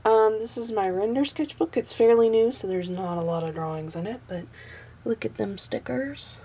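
A young woman, hoarse from allergies and short on sleep, rambling with ums and giggles as she flips through her sketchbook. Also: medium pitch, normal speed, a little mellow, a little hiss or hum. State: stuffy and losing her voice from allergies. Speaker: artist showing her sketchbook. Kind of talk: casual sketchbook flip-through vlog.

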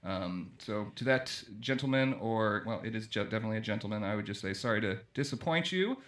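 Host type, man, wry banter on reader comments, bright voice, echoey room. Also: lowish voice, animated, brisk. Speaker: newspaper podcast host. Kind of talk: casual news chat.

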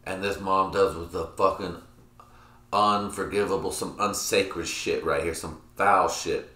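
Young male podcast host, low-pitched, crude and rambling, recorded in an echoey room. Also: fairly even intonation, a little slow, bright, forceful tone. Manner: crude, rambling, laughing at own jokes. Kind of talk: casual solo podcast rant. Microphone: computer mic.

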